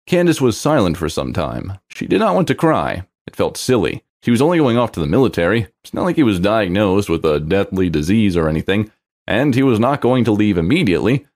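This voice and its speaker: Story narrator, man, low-pitched, expressive scripted read with animated pitch. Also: brisk.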